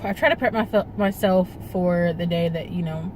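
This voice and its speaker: A woman's voice: fairly low pitch, moderate pace, a little hiss or hum, poor audio. A young woman telling a personal story to her phone camera in a casual vlog, rambling with many fillers and trying not to cry. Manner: rambling, full of fillers, fighting back tears. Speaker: vlogger.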